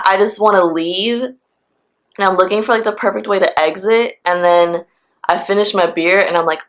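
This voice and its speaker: A woman in her twenties telling a storytime vlog, in a casual, profane and animated way. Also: mid-range voice, normal speed. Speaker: vlogger.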